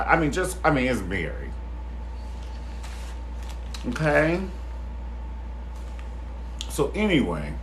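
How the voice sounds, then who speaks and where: Male stream host, sassy and expressive, very lively pitch, casual gossip with his viewers. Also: a little hiss or hum. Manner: sassy and expressive, calls listeners honey and baby; swears freely and laughs loudly. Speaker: host of a live chat stream.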